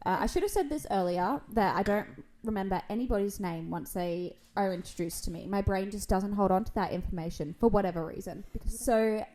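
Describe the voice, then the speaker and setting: A woman's voice: medium pitch, fairly quick, hardly any pauses, warm tone, a little hiss or hum, rough recording. A woman co-hosting a podcast, reading a story aloud and chatting, often amused and laughing as she goes. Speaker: podcast co-host reading stories.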